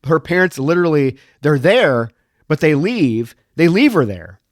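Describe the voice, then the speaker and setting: A man's voice: fairly high pitch, sing-song, unhurried, no room sound, studio quality. A man co-hosting a podcast, recapping a film in a rambling, casual way with some swearing. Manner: rambling plot recap with profanity. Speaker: podcast co-host.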